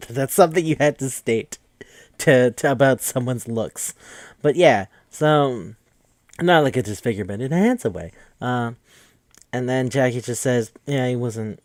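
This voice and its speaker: A young man hosting a podcast rambles through a movie recap at a middle pitch, leaping into higher tones when he quotes characters. The sound is close and dry, with no room around it. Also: no room sound. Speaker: podcast host.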